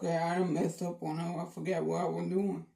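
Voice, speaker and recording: A man's voice: on the high side, level tone, fairly quick, vocal fry, far from the mic, loud music behind the voice. A man joking around in a casual vlog, playful and teasing, repeating his lines. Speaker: vlogger. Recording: echoey room.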